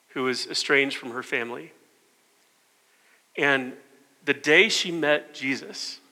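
A man preaching a sermon as pastor, earnest, swinging between loud emphasis and soft hushed lines. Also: mid-range voice. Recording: long hall reverb.

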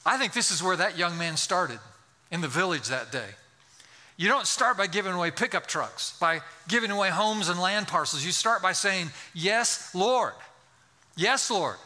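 A man's voice: high-pitched, animated, normal speed, pushed and bright. A man, a pastor, preaching a sermon to his congregation, telling a story and building to fervent pleas. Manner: storytelling, rising to fervent pleading. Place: church sanctuary.

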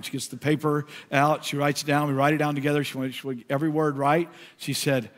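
A male pastor preaching a sermon, shifting from relaxed storytelling to a hushed, prayerful voice. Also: fairly high pitch, a little fast, hardly any pauses, long reverb tail.

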